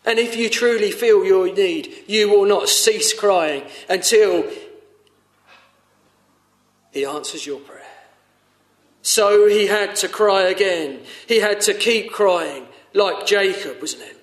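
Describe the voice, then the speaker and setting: Earnest preacher man, high voice. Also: takes it slowly, echoey room. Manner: earnest, pleading, rising to urgent appeals. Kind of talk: sermon. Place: church.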